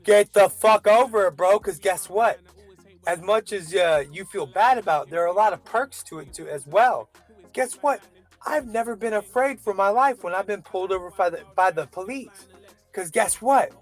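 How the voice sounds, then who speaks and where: High-voiced man ranting profanely. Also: expressive, normal speed, soft background music. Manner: profane, rambling, self-doubting. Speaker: vlogger. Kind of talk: casual opinion rant.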